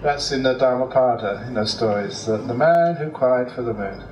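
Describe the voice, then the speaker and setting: A man's voice: medium pitch, moderate pace, a little mellow. A man, a Buddhist monk teacher, answering questions with humorous stories and chuckles in a hall at a Buddhist centre. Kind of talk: talk with storytelling. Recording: roomy hall, distant mic, faint noise.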